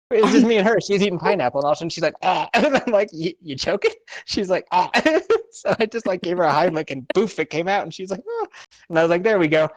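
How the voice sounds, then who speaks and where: A man's voice: high-pitched, sing-song, a little fast, no room sound. A young man co-hosting a podcast, telling a story in casual, profane chat and laughing often. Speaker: podcast co-host.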